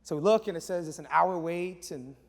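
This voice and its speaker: A man in his thirties, a pastor, giving a sermon in lively storytelling, sometimes dropping to hushed asides. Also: a little high, a little fast, vocal fry. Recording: long hall reverb.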